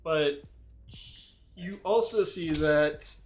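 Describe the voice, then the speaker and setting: A man running a tabletop game as game master, describing the scene slowly and with pauses. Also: on the high side, slight background noise. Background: music.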